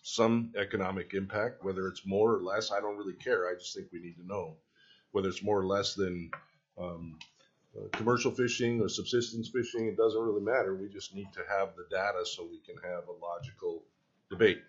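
A legislator man with a deep, husky voice makes his case plainly and directly during a committee hearing. His voice comes through muffled, lo-fi hearing-room audio. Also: level tone, fairly quick.

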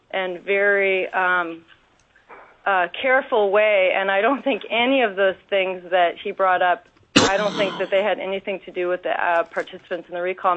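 A woman giving earnest, careful public testimony at a legislative hearing, pausing often with ums. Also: fairly low pitch. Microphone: telephone. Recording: tinny phone line.

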